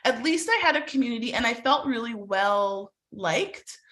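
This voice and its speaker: A middle-aged woman from Canada tells a story to a webinar audience with a high, bright voice. She brings the story to life by acting out the people in it. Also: normal speed. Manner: animated storyteller who acts out voices. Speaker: webinar presenter.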